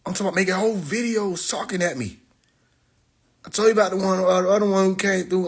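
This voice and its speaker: A young man with a husky, slightly high voice, rambling on a phone livestream. He tells stories animatedly, jumping into the voices of the people he quotes. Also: quick pace. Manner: animated storytelling, acts out quoted people, laughs. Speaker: live stream host. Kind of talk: casual livestream monologue.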